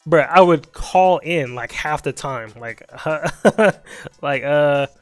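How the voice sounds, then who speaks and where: A man's voice: fairly high pitch, takes it slowly, soft background music. Laughing young man telling a story. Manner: laughs often, acts out both sides of dialogue in slangy speech. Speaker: streamer. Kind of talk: casual storytelling while streaming.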